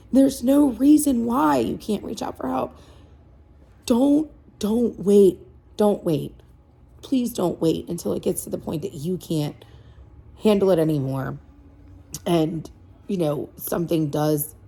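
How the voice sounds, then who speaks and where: Gravelly, pleading mom vlogger. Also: female voice, lowish voice, dark tone. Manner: earnest, pleading, repeats herself. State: emotional. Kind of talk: heartfelt direct-to-camera vlog.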